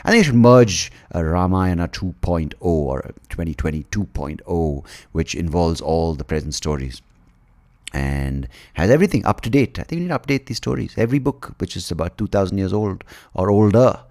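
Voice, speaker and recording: A man's voice: low-pitched, lively intonation, fairly quick, darkish tone. A man from India hosting a podcast, riffing through an irreverent, rambling comic monologue. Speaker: podcast host. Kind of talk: comedic monologue.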